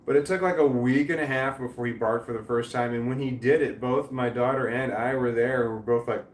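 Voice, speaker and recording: A man's voice: mid-range voice, fairly even intonation, a little fast. Rambling, cursing man in an echoey room. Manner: rambling, swears often, restarts sentences. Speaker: streamer reading live chat comments. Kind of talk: casual rambling chat. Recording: echoey room with faint background noise.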